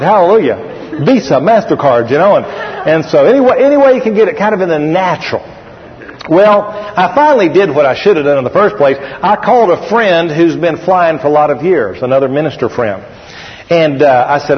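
A man's voice: fairly high pitch, expressive, a little fast. A middle-aged man preaching a folksy sermon. He tells a story, repeats phrases and calls on the congregation to answer. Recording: dull echoey hall recording.

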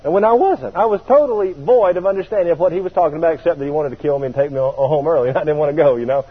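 Man, preacher, animated sermon storytelling, husky voice, a bit high, tinny radio broadcast sound. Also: fast, few pauses. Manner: animated, chuckling as he tells a story.

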